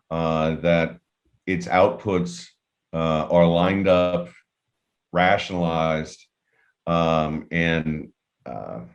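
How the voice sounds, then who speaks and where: A man with an extremely deep voice moderates a webinar panel discussion. He talks in a measured, deliberate way and chooses his words carefully as he passes questions to the panel.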